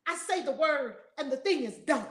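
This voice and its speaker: A woman's voice: sits high, expressive, moderate pace, roomy sound. A woman teaching as a spiritual reverend in a fiery, preaching manner, blunt and emphatic, swearing and repeating lines for effect.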